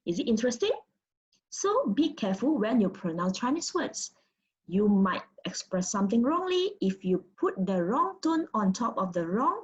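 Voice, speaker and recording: A woman's voice: fairly high pitch, darkish tone. A woman from Malaysia teaching Mandarin pronunciation in a recorded lesson, explaining patiently and sounding out example syllables. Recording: dull lo-fi audio.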